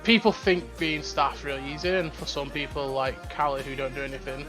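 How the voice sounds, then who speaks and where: The young podcast host here has a fairly high voice and speaks fairly quickly, with faint music in the background. It's a casual chat full of rambling, animated stories and a lot of swearing.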